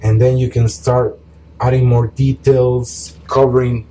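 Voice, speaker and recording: Mellow-voiced man teaching painting. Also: mid-range voice, a little hiss or hum, low-quality recording. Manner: calm, relaxed explaining while painting, with pauses and fillers. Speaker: art teacher. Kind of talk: step-by-step painting tutorial.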